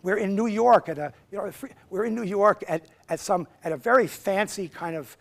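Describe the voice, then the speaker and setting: A man in his seventies giving a lecture, telling personal stories conversationally with halting restarts. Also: sits high, creaky. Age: 70s. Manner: conversational, halting restarts, acts out quoted voices. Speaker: guest lecturer. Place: lecture hall.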